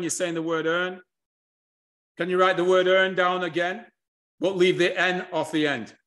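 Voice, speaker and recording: A man giving a lively, energetic lecture and asking his listeners to write things down. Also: high-pitched. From United Kingdom. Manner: energetic, animated presenting with audience tasks. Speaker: history and culture speaker.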